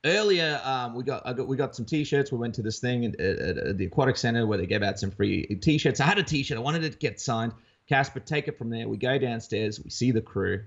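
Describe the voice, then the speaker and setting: An Australian man co-hosting a podcast in casual chat, telling stories in an animated way with many restarts. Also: mid-range voice. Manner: rapid, animated storytelling with frequent restarts. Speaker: podcast co-host. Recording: dull lo-fi sound.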